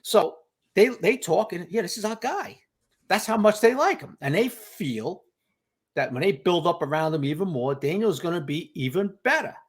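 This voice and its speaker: Husky-voiced New man, animated podcast guest who tells stories emphatically. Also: a little high, normal speed. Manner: emphatic storyteller, repeats "you know" and "okay". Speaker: podcast guest, team insider. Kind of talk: casual sports podcast chat.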